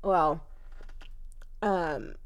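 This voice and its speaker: Animated woman laughing through a recap. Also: on the low side, extremely slow, lo-fi sound. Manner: animated, laughs often, blunt. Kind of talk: casual chat recapping a story.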